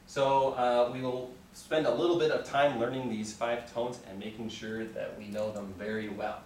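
A man's voice: mid-range voice, level tone, moderate pace, a little mellow, a little hiss or hum. Patient male teacher in an echoey classroom. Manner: patient, encouraging, frequent "okay" checks. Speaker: Mandarin teacher. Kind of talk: classroom language lesson, call and response. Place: classroom with students. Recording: echoey room, recorded from far off.

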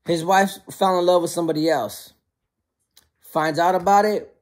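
A man who served time, casually telling prison stories in a slangy, animated way. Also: high voice, moderate pace, long pauses. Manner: slangy and conversational, often calls listeners bro; animated, acts out quoted lines. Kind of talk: casual storytelling to camera.

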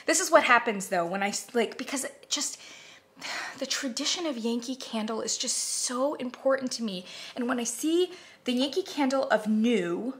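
A woman chatting casually to camera as she reviews candles, animated, now and then dropping to a whisper. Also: fairly high pitch, moderate pace. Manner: chatty, animated, swearing, drops into whispers and mock voices.

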